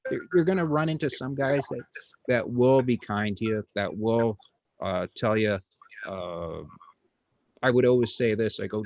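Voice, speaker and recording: A man's voice: mid-range voice, unhurried, a little mellow, no echo, lo-fi sound. A middle-aged man, a comedian hosting an interview, telling a story in a casual, rambling way with lots of fillers, restarts and blunt, crude words.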